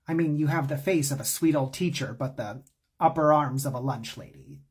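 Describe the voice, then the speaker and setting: A man's voice: on the high side, normal speed, slightly rough. A man voicing a defiant teenage girl in a sarcastic, cutting way. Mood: sassy.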